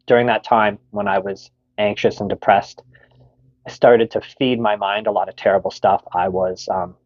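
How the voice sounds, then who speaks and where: A man's voice: fairly low pitch, darkish tone, no echo, highs cut off. A middle-aged Canadian man candidly telling a personal story, frank and swearing freely, with many fillers.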